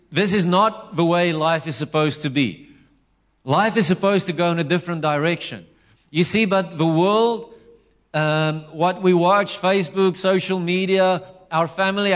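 A man preaching a conversational, animated sermon, acting out quotes and restarting phrases. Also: sits high. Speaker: pastor.

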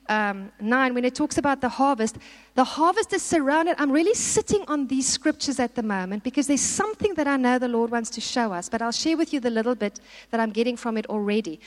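A woman's voice: high-pitched, expressive, fairly quick. A woman preaching a sermon, exhorting and putting questions to the congregation. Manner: exhorting, asks the audience questions. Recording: long hall reverb.

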